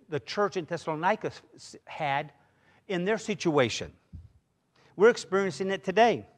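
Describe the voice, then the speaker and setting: In a church sanctuary, a middle-aged man serving as pastor delivers a sermon in a high-pitched, fairly bright voice. He talks conversationally, sharing personal stories and often restarting his sentences.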